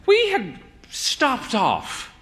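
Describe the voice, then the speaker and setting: A man's voice: extremely high pitch, huge pitch swings, very slow, gravelly, fairly bright tone, a faint crowd, voice pushed up, heavily acted. Man voicing a genteel, arch old woman. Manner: drawling, arch, long-suffering. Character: elderly woman, genteel, theatrical, weary.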